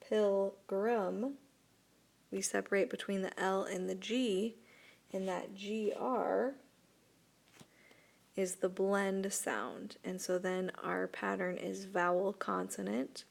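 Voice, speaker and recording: A woman teacher speaks slowly and patiently as she records a video lesson. Her voice has a gravelly edge of fry, and she walks her students through each step. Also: medium pitch, little pitch movement. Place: voice-over for an interactive whiteboard video.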